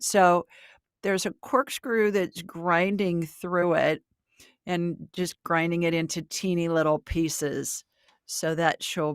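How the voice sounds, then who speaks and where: Woman, call-in host, chatty, laughs easily, low voice, dry. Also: no room sound. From Alabama, US South. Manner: chatty, laughs easily, lively swings in pitch. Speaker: host and intuitive reader. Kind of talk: live call-in show.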